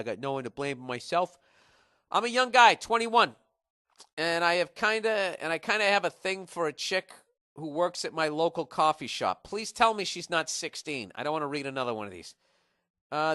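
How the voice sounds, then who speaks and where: A man's voice: a little high, sharp tone, no room sound, studio quality. A man in his forties hosting a podcast, giving blunt, profane advice in a rambling comic rant. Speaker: podcast host. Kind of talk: casual comedic advice rant.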